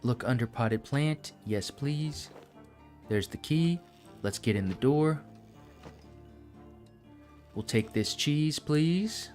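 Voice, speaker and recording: A man streaming a game, talking to himself and his viewers in a loose, chatty way, laughing often as he works things out. His pitch sits mid-range, and soft music plays faintly behind him. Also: expressive, slow, long pauses. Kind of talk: casual live-stream gaming chatter.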